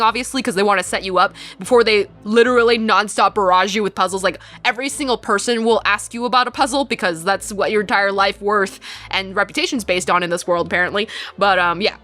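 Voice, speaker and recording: A woman's voice: medium pitch, pushed and bright. A woman giving casual, chatty and self-mocking let's-play commentary on a desk mic, with a runny nose. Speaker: game streamer.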